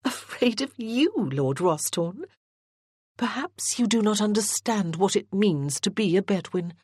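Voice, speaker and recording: A proud young lady with a spirited, haughty bite, as an audiobook reader puts her on, her lines pitched clearly higher and pushed with bristling emphasis. The voice is dry and close. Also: expressive, measured pace, a little mellow, dry recording. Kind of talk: audiobook character reading.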